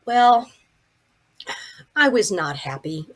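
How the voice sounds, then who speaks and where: An older woman, a podcast guest, giving a vivid, animated personal account with many restarts. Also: fairly low pitch, unhurried, slightly rough. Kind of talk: personal storytelling.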